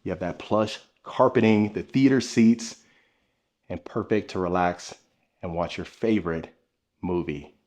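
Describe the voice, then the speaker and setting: A man's voice: deep voice, measured pace, a little mellow. A man hosting a walking home tour vlog, speaking to viewers with upbeat enthusiasm while filming.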